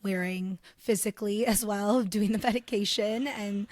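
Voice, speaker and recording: Supportive woman co-host, mid-pitched. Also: steady tone, moderate pace, darkish tone, dry recording, studio quality. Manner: supportive, reflective. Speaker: podcast co-host. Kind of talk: casual chat.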